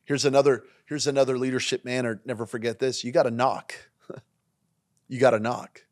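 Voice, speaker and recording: A man delivers a sermon-style leadership talk as a pastor and podcast host. His pitch sits at an everyday middle level, and he hammers points home by repeating single words. He moves between forceful lines and softer, quieter asides. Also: little pitch movement, brisk. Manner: emphatic and repetitive, swinging between punchy lines and quiet asides.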